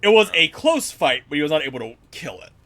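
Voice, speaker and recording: A man giving casual, jokey commentary while playing a video game with friends, animated and quick to swear. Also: a little high.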